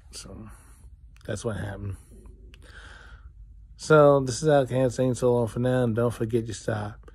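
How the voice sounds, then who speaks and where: Indignant rambling man with a mellow voice. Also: medium pitch, no echo. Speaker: vlogger. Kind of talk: ranting to camera.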